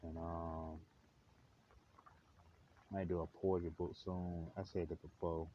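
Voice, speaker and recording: A man's voice: deep voice, level tone, slow. A man hosting a live stream, rambling in slang with lots of fillers. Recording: dull lo-fi with faint hiss.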